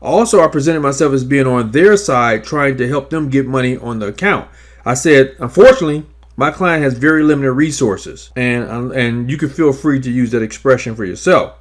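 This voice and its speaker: A man narrating scripted instructions on negotiating debts, in a measured, emphatic coaching manner. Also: mid-range voice. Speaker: credit repair advisor.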